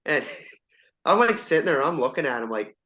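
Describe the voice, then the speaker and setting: A man's voice: a little high, sing-song, normal speed, bright, forceful tone. Male podcast host, easygoing and rambling, muffled lo-fi recording. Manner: laid-back, rambling, self-deprecating. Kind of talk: casual podcast chat. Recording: dull lo-fi sound.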